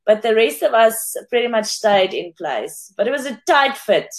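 A chatty woman from South Africa talks casually as a podcast guest over a video call. Her voice sits fairly high and swings widely in pitch. She laughs easily and often stumbles into restarts. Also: animated, moderate pace. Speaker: guest, former contestant.

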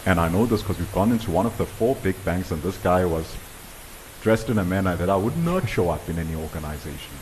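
A man's voice: low-pitched, animated, fast, darkish tone, low-quality recording. A South African man leading an interactive conference workshop, questioning the audience directly and talking it through. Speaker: workshop presenter. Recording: hissy conference recording.

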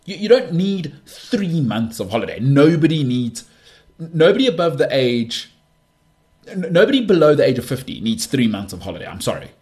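A man's voice: a little high, big pitch swings, normal speed, a little mellow. A man hosting his own podcast in a casual solo monologue, rambling and opinionated, often restarting words with a stammer and slipping into sarcastic teasing. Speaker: podcast host.

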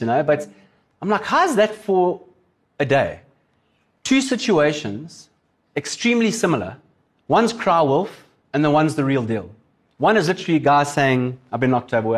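A man, a pastor preaching in a casual, chatty way, telling stories and laughing along. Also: on the high side. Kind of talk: sermon storytelling.

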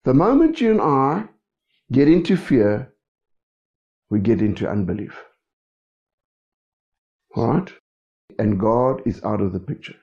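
A man's voice: medium pitch, very animated, unhurried, pauses often, darkish tone. A man preaching a sermon, who keeps checking in with his congregation. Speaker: pastor. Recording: dull lo-fi recording.

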